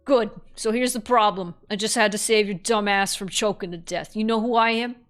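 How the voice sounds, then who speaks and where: A brash, foul-mouthed murderous rag doll spirit talks in a loud New York accent, as a woman puts her on. She sounds gruff and fed up, and her voice is a little louder and higher than plain speech. Faint music plays behind her. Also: brisk, natural voice. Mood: gruff, exasperated. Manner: gruff, blunt and exasperated.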